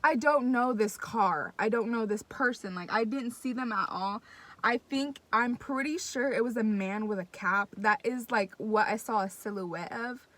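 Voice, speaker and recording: A young woman telling a story to her viewers in casual, excitable, profane chat, talking straight to the audience. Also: a little high, moderate pace. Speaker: vlogger.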